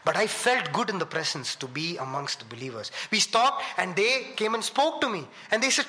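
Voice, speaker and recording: A man delivers a sermon with a high, bright voice. He tells his story with dramatic swings, rising and loud on questions, then falling to hushed, low asides. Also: expressive, fairly quick, few pauses. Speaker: preacher.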